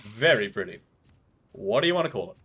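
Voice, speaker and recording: A man's voice: on the low side, very animated, brisk, a bit bright, slightly rough. A man streaming a game live, chatting casually and rambling off into trivia tangents. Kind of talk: casual gameplay commentary.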